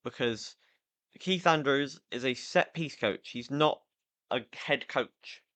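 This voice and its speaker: A man's voice: mid-range voice, takes it slowly, a bit bright. A tired man hosting a casual football chat podcast, rambling and opinionated, with fillers and restarts. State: tired, yawning. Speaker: podcast host.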